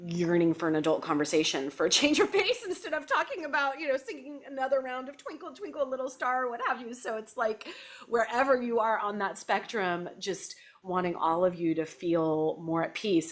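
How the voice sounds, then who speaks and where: A middle-aged woman hosting a casual talk show, chatting in a loose, conversational way full of "like" and "you know". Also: lowish voice. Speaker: podcast host. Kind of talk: casual chat.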